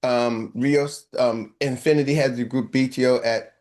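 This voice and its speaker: A man hosting a business call, talking in a preachy, animated way and repeating his points. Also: medium pitch, moderate pace. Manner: preachy and animated, repeats lines, plays out little scenes. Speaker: host. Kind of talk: motivational business talk.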